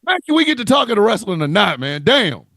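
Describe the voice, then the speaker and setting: A man with a high, fast, creaky voice co-hosts a wrestling talk livestream over a video call, recorded with no echo. He jokes and curses through casual banter, sounding animated and profane.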